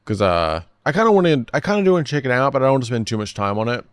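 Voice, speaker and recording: A man's voice: medium pitch, rapid-fire, smooth. A man streaming casually, rambling and correcting himself as he reacts to videos. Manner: rambling, self-correcting, lively.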